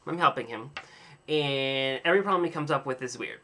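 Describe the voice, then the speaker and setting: A man's voice: medium pitch, a little fast, pushed and bright, a little hiss or hum. A young man rambling in a casual video diary, telling an exaggerated, dramatic story with playful self-mockery. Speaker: vlogger.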